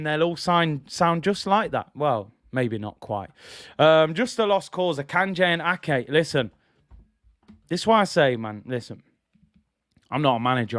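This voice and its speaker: A man's voice: fairly high pitch, a bit bright, dry recording, studio quality. A man hosting a live football watch-along stream, giving opinionated chat and reading viewers' messages aloud.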